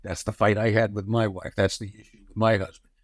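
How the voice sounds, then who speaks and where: A man's voice: fairly low pitch, little pitch movement, fairly quick, no echo, clean studio sound. A man in his sixties telling anecdotes in an interview, acting out the quoted voices with a chuckle. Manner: storyteller who acts out quoted voices, chuckling. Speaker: guest.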